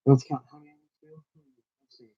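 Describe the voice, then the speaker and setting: A man who owns a small wrestling channel, delivering a confrontational, rambling call-out to a rival with frequent restarts. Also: quick pace. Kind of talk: call-out video rant. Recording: dull lo-fi recording.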